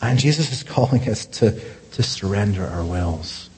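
A man pastor preaching a sermon, animated, climbing to loud high peaks and dropping to hushed asides. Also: normal speed, slightly rough. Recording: long hall reverb.

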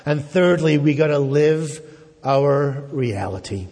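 Husky pastor guy preaching slow, big echoey hall. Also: fairly high pitch, expressive, darkish tone. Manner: emphatic preaching with rising repeated phrases. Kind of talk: sermon. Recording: long hall reverb.

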